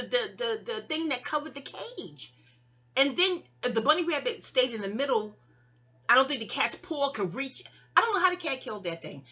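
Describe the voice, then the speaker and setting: Husky-voiced New York woman rambling. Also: fairly high pitch, sharp tone. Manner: rambling, digressive, full of fillers and restarts. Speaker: vlogger telling a memoir story. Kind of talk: casual rambling storytelling monologue.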